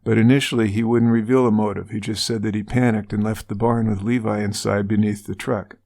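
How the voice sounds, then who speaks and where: A man's voice: fairly low pitch, fairly even intonation, brisk, vocal fry, a little mellow. A man co-hosting a true-crime podcast, retelling a case casually with wry asides. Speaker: podcast co-host.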